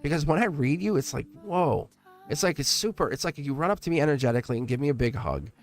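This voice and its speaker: A man's voice: a little high, lively intonation, fast talker, soft background music. Effusive rambling man hosting a live tarot stream. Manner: effusive and rambling, with frequent restarts and laughs. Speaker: live tarot reader and channel host. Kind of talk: live-stream chat to viewers.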